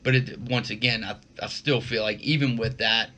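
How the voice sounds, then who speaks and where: Bright-voiced rambling male podcaster. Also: mid-range voice, steady tone, moderate pace. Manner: rambling, many restarts and fillers. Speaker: podcast co-host. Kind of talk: casual chat.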